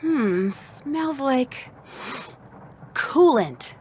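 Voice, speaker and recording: Brief: an inquisitive young woman sleuth, fairly high game voice. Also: lively intonation, extremely slow, darkish tone, slight background noise, exaggerated voice. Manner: inquisitive, thinking aloud. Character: curious young woman detective. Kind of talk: video game voice acting.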